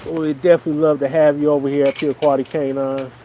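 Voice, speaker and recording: A man's voice: on the high side, flat delivery, quick pace, slight background noise, poor audio. A man breeding dogs, hosting a casual livestream outdoors under a tree, chatting easily with viewers and calling to his dogs. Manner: easygoing, calls viewers "y'all" and shouts to his dogs. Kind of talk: casual live-stream chat. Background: light rain.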